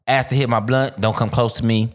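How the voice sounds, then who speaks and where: A man's voice: mid-range voice, steady tone, brisk. A young man, a comedian guest on a podcast, talking crudely and animatedly and jumping into silly voices. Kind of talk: casual comedy podcast chat.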